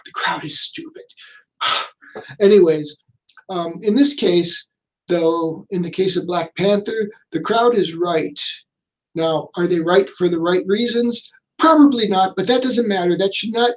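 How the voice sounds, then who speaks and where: High-pitched guy rambling through a movie review, lots of ums and restarts. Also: poor audio. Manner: rambling, chatty, many fillers and restarts; acts out lines in quick high put-on voices. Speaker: podcast host reviewing a film. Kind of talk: casual spoken review.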